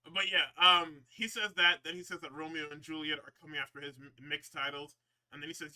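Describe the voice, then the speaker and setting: A man's voice: a little high, fairly even intonation, fairly quick, bright, forceful tone. A man hosting a podcast, recapping wrestling shows in a rambling, profane, casual way with frequent laughs. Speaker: podcast host.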